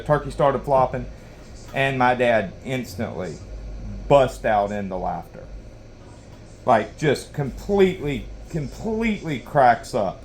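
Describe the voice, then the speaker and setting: A man with a drawl spins a hunting yarn in casual, meandering fashion, circling back and restarting his sentences. His voice sits at an ordinary middle pitch. A faint noise runs underneath the recording. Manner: rambling, folksy, lots of you-knows and restarts. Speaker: knife sharpening channel host. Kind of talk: casual storytelling while sharpening.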